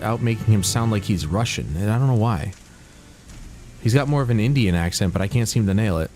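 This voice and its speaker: A man's voice: on the low side, animated, fairly quick, a little mellow, a little hiss or hum. A man streaming a video game, chatting casually and thinking aloud about the story and quests. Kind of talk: casual gameplay commentary.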